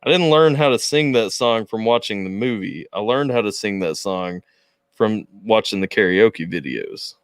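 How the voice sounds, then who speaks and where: A man's voice: fairly low pitch, normal speed, no room sound. A young adult man hosting a casual livestream interview, joking and poking fun at himself. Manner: animated, joking, self-deprecating. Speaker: host.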